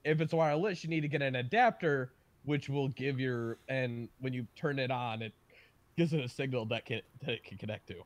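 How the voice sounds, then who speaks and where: A man in a casual online call who tells stories with lively swings of pitch, sometimes jumping up loud and fast. His pitch sits in a middle range. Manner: animated storyteller, bursts of laughter and loud emphasis. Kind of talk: casual livestream chat.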